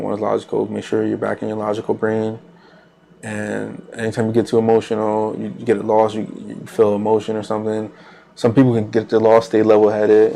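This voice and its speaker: Gravelly low-voiced man, flat rambling talk. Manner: loose, rambling, repeats phrases and fillers. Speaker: trading channel host. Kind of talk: casual talk while live trading.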